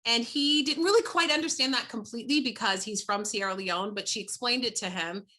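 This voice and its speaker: An American woman tells her personal story in conversation as an interview guest. Her voice is bright and clear, and her delivery is animated and heartfelt. She often breaks off and restarts her sentences as she goes. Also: fairly high pitch, brisk. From United States.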